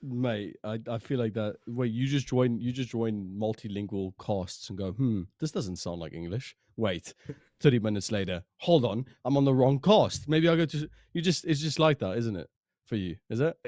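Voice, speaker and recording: A man's voice: medium pitch, moderate pace, darkish tone, dry recording, clean studio sound. A man from South Africa with a South African accent, casting esports in chatty, laughing banter between games. His first language is Afrikaans. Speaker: esports caster. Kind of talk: casual chat between games.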